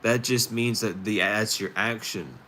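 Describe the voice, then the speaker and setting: A man hosting a spiritual talk stream, rambling casually with many fillers and pauses. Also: on the low side, sharp tone, a little hiss or hum. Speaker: tarot stream host.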